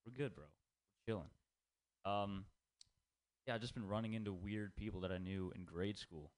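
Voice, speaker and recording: A man's voice: fairly low pitch, moderate pace. A young man doing a rambling, self-deprecating stand-up set full of swearing, at an open mic in a small comedy room. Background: small audience.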